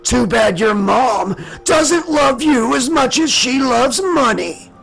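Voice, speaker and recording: A man's voice: very high voice, expressive, slow pace, gravelly, a bit bright, soft background music, pitched above the performer's own voice, exaggerated voice. A man voicing a burned, gleefully sadistic male dream killer in an audiobook, with a mocking, growling delivery. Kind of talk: audiobook narration.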